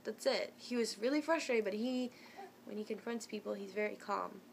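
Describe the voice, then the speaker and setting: A young woman tells a story to her viewers in a chatty, animated way, full of fillers and quick restarts. Her voice sits at an ordinary middle pitch, with a faint hiss in the background of the recording. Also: creaky. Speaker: vlogger telling a story. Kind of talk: casual storytime rant.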